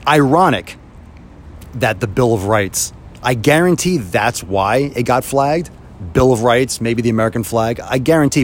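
A man in a heated, profane rant about his videos, recorded outdoors with faint traffic noise behind. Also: mid-range voice. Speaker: social media creator. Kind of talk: angry ranting vlog.

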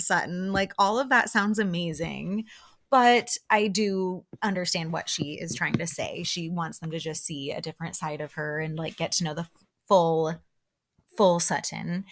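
A woman's voice: lowish voice, a bit bright. A woman hosting a podcast, casually recapping a reality show with frequent laughs and asides to her listeners.

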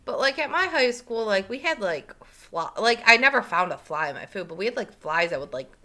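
Lively, bright-voiced woman podcast co-host. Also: medium pitch, a little fast. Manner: laughing, swearing, lots of "like" fillers. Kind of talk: casual recap chat.

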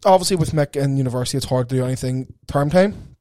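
A man co-hosting a podcast, talking in a rambling, animated way and swearing casually. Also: medium pitch, fast, no room sound. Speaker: podcast co-host. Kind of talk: casual chat. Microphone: podcast mic.

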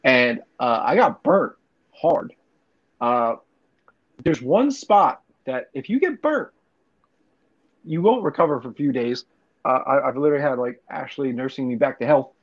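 A man's voice: medium pitch, lively intonation, measured pace, long pauses. A young man telling profane, rambling stories in casual podcast chat. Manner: rambling, profane storytelling with laughs. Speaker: podcast co-host. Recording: dull lo-fi recording.

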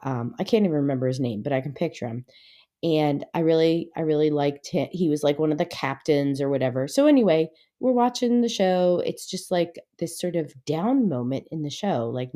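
A middle-aged woman hosting a Christian podcast, telling a story in a chatty, rambling way that turns animated as she retells it. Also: moderate pace. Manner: chatty storytelling, lots of "like" and "anyway"; grows animated and high-pitched when retelling. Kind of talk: devotional podcast talk.

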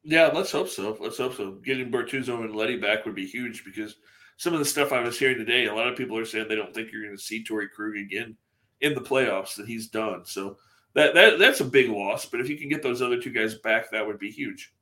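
A man chats casually as co-host of a hockey podcast. He answers in an agreeable, measured way. His voice sits at an average pitch and sounds bright. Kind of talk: casual sports talk.

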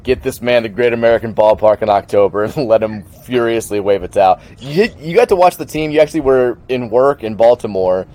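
A man's voice: mid-range voice, animated, brisk, few pauses, darkish tone. A man with a mid-range voice co-hosting a casual sports podcast. He talks in an easygoing way and likes to rib his friend, chuckling as he goes. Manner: teasing, easygoing, ribs his co-host. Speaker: podcast co-host.

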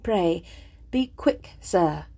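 A woman reading aloud as a composed young lady in a classic novel, speaking with firm, clipped impatience in a husky voice. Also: lowish voice, lively intonation, extremely slow, mellow, heavily acted.

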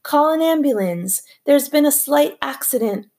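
Lady doing a bossy shouty restaurant guy, loud and high, kinda frantic. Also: animated, a little slow. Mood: commanding. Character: excitable, bossy middle-aged male restaurant owner.

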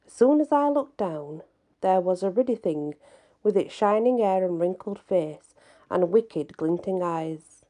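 Woman telling an old folk tale, takes her time, low-ish warm voice. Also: lively intonation, measured pace. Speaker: storyteller. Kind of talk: first-person folk tale reading.

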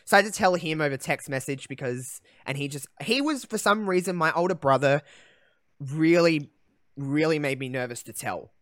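A young man hosting a podcast, telling a personal story in a candid, emotional way, halting often with fillers. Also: on the high side, lively intonation, fairly bright tone, no room sound, clean studio sound. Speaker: podcast host.

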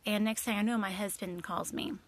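Woman in her thirties, mid-pitched, recounting a stressful personal story casually with lots of fillers. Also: steady tone, fairly quick. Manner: emotional, many fillers, quotes herself and others. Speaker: mother telling a personal story.

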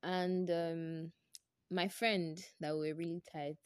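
Animated young Nigerian woman telling a story. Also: lowish voice, takes it slowly, clear, resonant tone, dry recording, studio quality. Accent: Nigerian English. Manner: animated, exclamatory, repeats herself for emphasis. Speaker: podcast host. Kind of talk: personal storytelling podcast.

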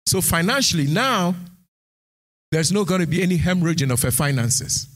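A man preaching a sermon who reads scripture aloud and builds into shouted, sing-song exhortation. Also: fairly high pitch, expressive, normal speed. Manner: reads scripture aloud, King James phrasing. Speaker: pastor.

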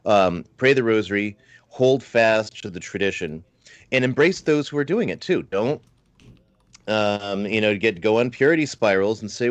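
A man's voice: lowish voice, lively intonation, a little slow, dry recording. A man speaking earnestly over a video call as a guest on a livestream panel, with frequent fillers and restarts. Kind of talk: casual discussion on a livestream panel.

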